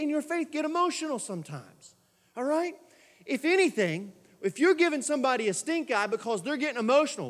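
A pastor preaching a sermon in a church, moving from soft, quiet asides to shouted exhortations. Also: male voice, extremely high pitch, expressive, fast talker, big-room sound. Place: church sanctuary.

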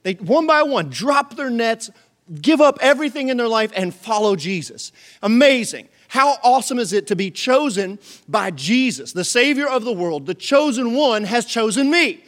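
Man, middle-aged pastor, lively sermon delivery with playful acted-out voices, high-pitched. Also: moderate pace. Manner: animated, acts out voices and jokes.

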